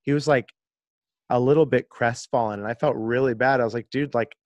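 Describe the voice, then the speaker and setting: Male podcast guest, lively storyteller, mid pitch, dry close mic. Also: brisk, no echo, lo-fi sound. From Kansas, USA. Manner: animated storyteller, laughs often. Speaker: guest, disc golf video creator. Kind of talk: casual podcast chat, storytelling.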